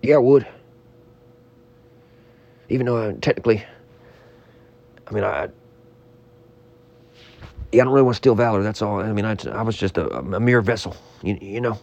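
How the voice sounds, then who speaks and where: A man bantering on a comedy podcast, rambling through absurd stories with a deadpan delivery. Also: on the low side, normal speed, gravelly, long pauses, highs cut off.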